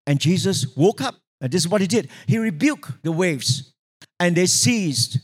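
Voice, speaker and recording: High-voiced preacher man. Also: a little slow, breathy edge. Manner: animated storytelling, acting out quoted voices, sudden pitch jumps; asks the congregation for responses. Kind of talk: sermon.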